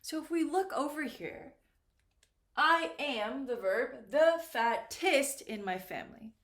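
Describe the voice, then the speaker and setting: A woman's voice: high voice, lively intonation, slow, fairly bright tone. A woman teaching English, explaining grammar patiently and repeating key words while checking that her students follow. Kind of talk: slow, clear classroom explanation. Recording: echoey room.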